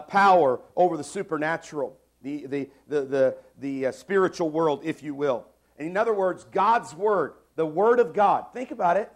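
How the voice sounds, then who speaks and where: In a church sanctuary, a pastor in his forties delivers an emphatic sermon in a slightly high voice. He drives his points home by repeating short phrases, shifting between quiet asides and loud declarations.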